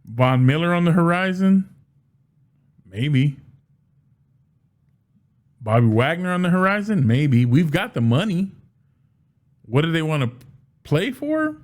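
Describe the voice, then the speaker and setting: A man giving casual solo commentary as a sports fan, animated, often restarting and repeating words. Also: on the high side, slow, pauses often.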